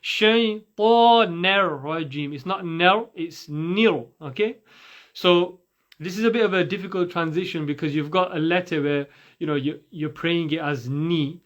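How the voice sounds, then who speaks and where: A man's voice: a little high, normal speed, lo-fi sound. A man teaching Quran recitation rules in a patient way, demonstrating and repeating sounds for the listener. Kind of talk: recorded recitation lesson.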